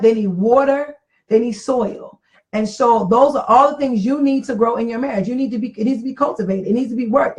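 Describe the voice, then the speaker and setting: A woman's voice: fairly high pitch, rough recording. A middle-aged woman in casual talk about marriage, earnest and reflective, repeating phrases for emphasis. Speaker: podcast co-host.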